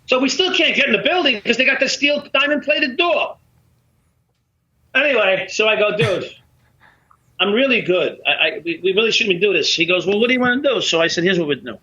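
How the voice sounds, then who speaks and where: A middle-aged man tells a story as a podcast guest, animated and profane, acting out both sides of the dialogue. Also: high-pitched, fairly quick, husky. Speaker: podcast guest, former police officer. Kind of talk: casual storytelling in conversation. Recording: dull lo-fi podcast audio.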